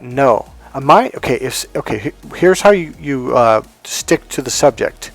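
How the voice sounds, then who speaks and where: A man's voice: mid-range voice, expressive, normal speed, few pauses, dry recording. Blunt, emphatic male relationship coach. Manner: blunt and emphatic, acts out quoted voices. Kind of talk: motivational advice monologue.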